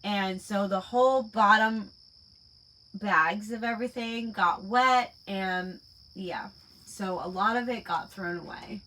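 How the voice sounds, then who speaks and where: A woman chatting casually on a late-night stream, her voice bright and clear. She takes her time, drifting through her thoughts with plenty of "like" and "um" along the way. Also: medium pitch, slow pace, a little hiss or hum, poor audio. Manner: rambling, full of "like" and "um". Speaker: online shop owner hosting a live chat stream.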